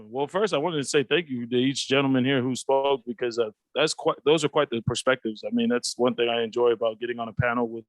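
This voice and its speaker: A man's voice: mid-range voice, a little fast, hardly any pauses, no room sound. A man from the Pacific Islands, a panel guest who talks in a reflective, earnest way over a video call. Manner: reflective, earnest, acts out quoted voices. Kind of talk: candid panel discussion.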